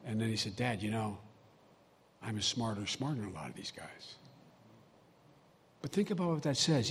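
A man's voice: fairly low pitch, big pitch swings, normal speed, pauses often. An older man giving a folksy, emphatic public speech full of personal stories. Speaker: vice president giving a speech. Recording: long hall reverb, faint ambient noise.

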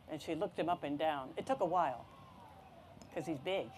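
A woman reading a picture book aloud to children, telling the story in an expressive, animated way. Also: fairly low pitch, brisk, slight background noise.

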